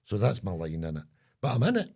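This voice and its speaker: A man's voice: low voice, wildly swooping pitch, fast talker, a little mellow. A Scottish man co-hosting a podcast, chatting casually and rambling, often trailing off mid-sentence while he hunts for words. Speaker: podcast co-host. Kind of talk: casual chat.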